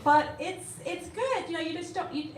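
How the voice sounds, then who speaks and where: A woman's voice: very high voice, animated, normal speed. A middle-aged woman from Alabama, an author answering audience questions with chatty, laugh-filled stories. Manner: chatty, laughing often, storytelling. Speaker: author at a book event. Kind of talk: casual Q&A answers. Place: bookstore event room. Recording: roomy room, distant mic, faint hiss.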